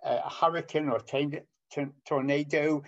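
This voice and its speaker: An older man preaching a sermon, halting with many ums and restarts. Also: on the high side, fairly even intonation. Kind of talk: sermon over an online call. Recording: dull lo-fi audio.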